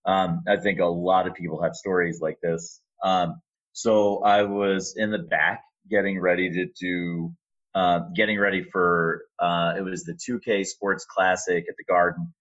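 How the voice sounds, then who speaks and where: Man, very low voice, middle-aged, relaxed storyteller, dull lo-fi sound. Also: measured pace. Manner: relaxed anecdotal storytelling with fillers. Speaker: arena announcer and sports media relations staffer. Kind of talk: storytelling in a casual interview.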